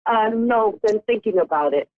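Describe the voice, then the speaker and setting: A woman from Brooklyn calling in, giving short quiet answers. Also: medium pitch, expressive, moderate pace. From Brooklyn, New York. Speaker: caller. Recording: tinny phone line.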